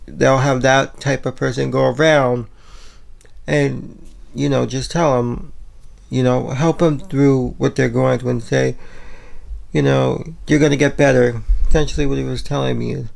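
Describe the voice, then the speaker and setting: A man's voice: mid-range voice, fairly even intonation, measured pace, creaky. A man talking casually in a home vlog, rambling with lots of "you know" and "like" fillers. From Puerto Rico. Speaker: vlogger. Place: home, kitchen and bedroom.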